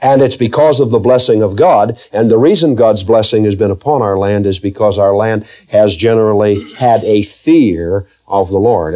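A man preaching a verse-by-verse Bible teaching sermon, emphatic, slowing down to read scripture aloud and asking the congregation questions. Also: on the low side, a little mellow.

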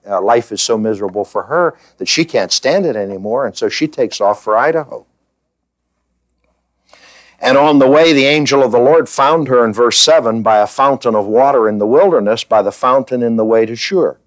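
A man's voice: medium pitch, expressive, moderate pace, dry recording. Guy teaching a bible lesson, talks casual and asks folks questions, lots of uhs, dead dry mic. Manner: asks the listeners questions, with frequent fillers.

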